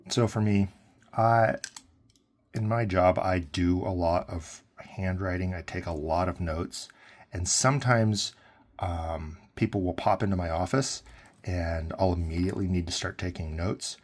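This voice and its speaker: A man's voice: low-pitched, measured pace. A man giving a casual, rambling pen review, full of fillers and self-corrections.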